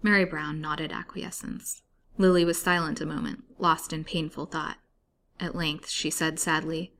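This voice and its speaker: A woman storyteller reading a novel chapter aloud in a steady, measured way. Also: low-pitched.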